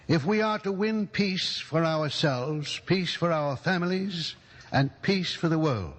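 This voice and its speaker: A man hosting an old radio drama series, giving an earnest, measured introduction. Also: a little high, fairly bright tone. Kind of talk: formal 1950s radio introduction. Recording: echoey 1950s radio recording.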